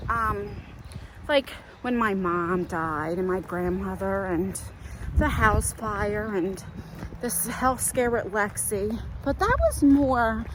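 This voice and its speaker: Out on a walk with a handheld phone, a middle-aged woman vlogs in a loose, chatty way, wandering off topic and leaning on fillers. She talks slowly at a medium pitch, and there's noise in the background.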